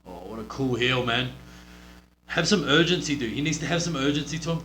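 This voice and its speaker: A man's voice: mid-range voice, expressive, brisk, a bit bright. Profane, blunt New Zealand man. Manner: blunt, profane, rambling with many fillers. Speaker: wrestling coach reviewing a match. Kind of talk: casual match review. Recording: roomy with faint hum.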